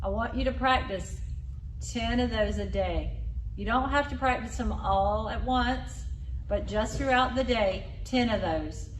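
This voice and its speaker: A woman leading a group through voice exercises, coaching loud, exaggerated sounds. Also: on the high side, measured pace, slight background noise. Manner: loud, exaggerated vocal demonstrations. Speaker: exercise leader. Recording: echoey room, a bit far from mic.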